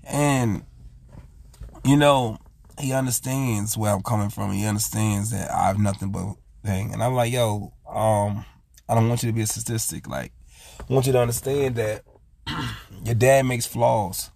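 A man with a low, gravelly voice talks in a casual, heartfelt monologue. He speaks earnestly to his viewers and keeps retelling his own words with "I said". He sounds middle-aged and sincere. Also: fairly even intonation, measured pace, a little mellow. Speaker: vlog host.

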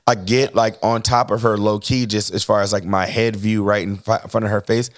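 A man tells a family story in a casual chat and acts out the other people in it with lively voices. His voice sits low, and the sound is dry and close to the microphone. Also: normal speed, dry recording. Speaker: co-host telling a family story.

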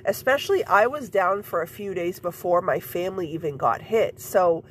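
A woman's voice: fairly low pitch, moderate pace. A woman podcast host with a stuffy nose and scratchy throat, chatting casually and rambling with lots of fillers. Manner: rambling, many fillers and repeats. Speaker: podcast host and mom coach. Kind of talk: casual personal chat.

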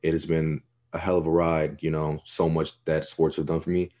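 A young man with an extremely deep, dark, mellow voice co-hosts a sports podcast. He rambles loosely and swears freely, keeping a laid-back, casual, level tone at a moderate pace.

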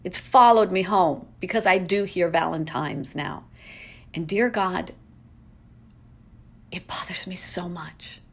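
A woman hosting a casual solo podcast from home, ranting in an exasperated way with lots of rhetorical questions. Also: a little high. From New England. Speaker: podcast host.

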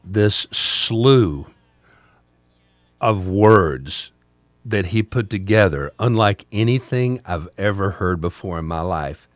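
A man's voice: sits low, lively intonation, takes it slowly, dry recording. An older man, a podcast host with a talk radio past, casually telling a rambling story with repeated words.

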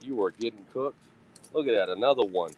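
A man's voice: fairly low pitch, fairly quick, darkish tone, muffled recording. Profane, rambling man streaming outdoors. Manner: profane, rambling, self-mocking. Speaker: livestream host. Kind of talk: casual rambling livestream. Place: outdoors at a grill.

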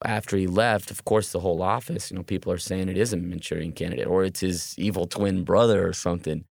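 Deep-voiced man telling a true story. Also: fairly even intonation, vocal fry, a little mellow, dry recording, studio quality. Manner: earnest, halting retelling with restarts. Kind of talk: personal story narration.

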